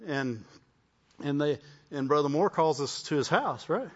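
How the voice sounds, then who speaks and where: Pastor, male, fairly high voice, lo-fi church recording, repeats himself and asks "Amen?". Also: expressive, a little slow. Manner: repeats words, calls out "Amen?". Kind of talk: sermon testimony.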